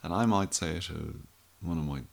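A man's voice: a bass voice, normal speed, creaky. A middle-aged Irish man telling a rambling, wry story in a casual monologue. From Ireland. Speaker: vlogger.

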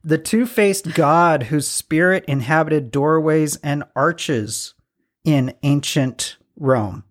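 A man's voice: fairly high pitch, takes it slowly. A man co-hosting a podcast in casual chat, reading out trivia with self-deprecating jokes. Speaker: podcast co-host.

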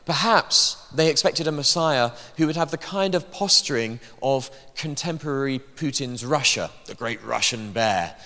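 A man's voice: mid-range voice, animated, moderate pace, hardly any pauses, sharp tone. A man preaching a sermon in a church, emphatic, with dry asides. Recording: long hall reverb.

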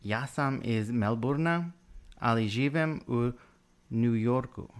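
A man's voice: mid-range voice, slow, clean tone. Good-humored man repeating phrases. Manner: good-humored, tries hard, stumbles on new words. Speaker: podcast co-host learning Croatian. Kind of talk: casual chat, repeating phrases.

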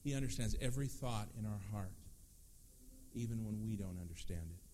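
A man preaching a sermon as pastor, lively and conversational, acting out prayers and quoted voices. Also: fairly low pitch, fairly quick, a little hiss or hum.

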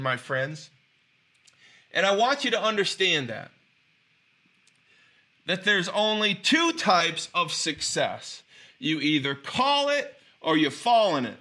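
A man's voice: high-pitched, big pitch swings, takes it slowly, pushed and bright. A man telling stories in an inspirational speech, emphatic and drawing out key phrases, with frequent restarts. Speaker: motivational speaker.

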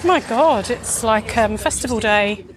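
A woman's voice: fairly high pitch, a little slow, background noise. A woman co-hosting a podcast, chatting casually and joking as she points out sights from a car. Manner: chatty, jokey, exclaiming at sights. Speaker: podcast co-host. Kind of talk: casual chat on a drive.

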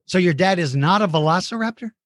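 A man's voice: sits high, lively intonation, quick pace, fairly bright tone, no echo, studio quality. A man hosting a playful chat with a child about dinosaur battles, goofy and teasing with mock outrage. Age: adult. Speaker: host interviewing a child.

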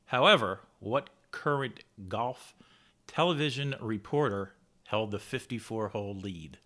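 A man acting as quizmaster on a casual podcast, reading questions steadily and announcing answers crisply. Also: fairly low pitch, expressive, measured pace, a bit bright.

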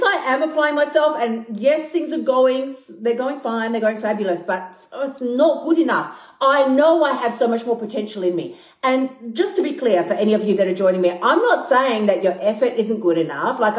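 An Australian woman talks straight into her phone, blunt and profane, full of animated self-mockery. Her voice sits a little high. The room around her rings with a roomy echo. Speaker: podcast host and emotional eating coach. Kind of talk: casual live-stream monologue. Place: recorded live on a phone stream. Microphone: phone mic.

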